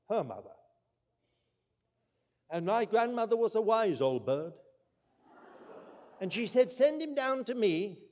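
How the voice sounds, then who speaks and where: High-voiced man preaching in a reverberant hall. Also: darkish tone. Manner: storytelling, emphatic, slows words for stress. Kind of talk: sermon.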